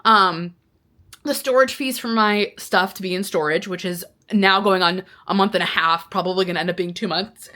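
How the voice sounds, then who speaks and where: Bright-voiced woman venting to camera. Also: mid-range voice, moderate pace. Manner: animated, exasperated storytelling. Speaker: vlogger. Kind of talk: casual talking-to-camera vlog.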